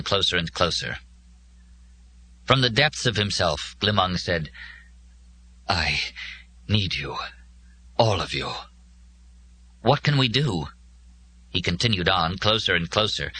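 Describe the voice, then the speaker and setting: A man reading scripted narration for an audiobook in a measured, solemn way. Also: lowish voice, pushed and bright, slight background noise.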